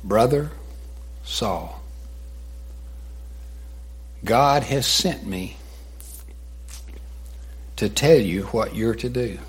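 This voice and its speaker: A man voicing a kindly male messenger who speaks gently and reassuringly. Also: on the low side, animated, drawn-out words, pauses often, breathy edge, exaggerated voice.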